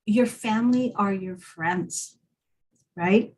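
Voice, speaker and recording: A woman's voice: medium pitch, slow pace, a little mellow, poor audio. A woman, a guest on a video call, talking reflectively through a personal story with frequent restarts. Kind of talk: casual conversation.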